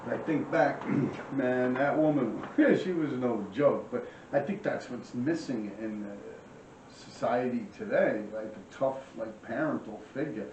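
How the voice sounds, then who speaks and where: A man in his forties with a New York accent tells rough, rambling stories, cursing as he goes. His mid-pitched voice comes from a camera across a small apartment, so it sounds distant and roomy. The sound is a little dull. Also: measured pace, darkish tone, a little hiss or hum. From New York City. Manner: rambling, profane street talk. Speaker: vlog host. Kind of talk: casual storytelling. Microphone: camera across the room.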